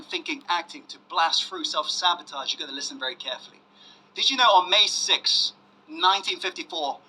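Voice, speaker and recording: A man giving a motivational self-help masterclass, pressing the audience with questions and dropping to hushed emphasis. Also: high voice, poor audio. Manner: emphatic, asks audience to say yes, swings loud and hushed. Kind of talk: motivational webinar talk.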